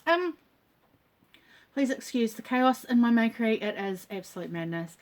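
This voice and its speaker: Sitting in her home dining nook, a middle-aged crafter talks casually to camera about her projects at a normal speed. Her fairly high voice has lively intonation, and her rambling is dotted with ums and the odd cough.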